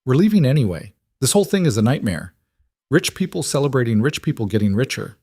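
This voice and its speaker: A man's voice: mid-range voice, sing-song, fast talker, darkish tone, breathy edge, no echo, studio quality, pitched above the performer's own voice. A man voicing a blunt, sardonic young woman friend in an audiobook, talking with a flippant edge.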